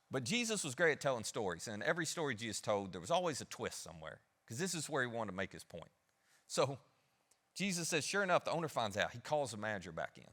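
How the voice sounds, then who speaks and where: Preaching in a mid-range, pushed and bright voice, a male pastor narrates a story in a conversational manner. He voices each character and puts questions to his congregation.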